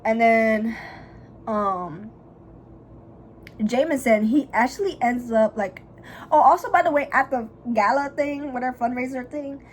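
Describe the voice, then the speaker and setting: A young woman vlogger chatting casually while doing her makeup, retelling a story in a gossipy, profane, dramatic way and bursting into loud, high laughs. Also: unhurried, pauses often, slight background noise, poor audio.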